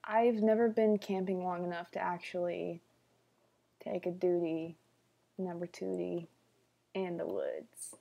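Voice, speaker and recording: Slow-talking young woman, mellow, playful. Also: fairly low pitch, lively intonation, vocal fry. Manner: playful, jokey, drops into whispered asides. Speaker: livestream host. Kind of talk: casual Q&A livestream chat.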